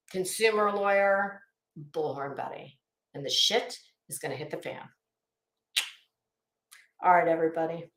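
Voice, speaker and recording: A woman host telling a profane, animated story as a casual rant. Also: on the low side. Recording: echoey room.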